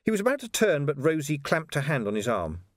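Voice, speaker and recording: A man narrating a novel in an expressive, animated storytelling way. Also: on the high side, brisk, no room sound, studio quality. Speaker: audiobook narrator. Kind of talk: scripted narration.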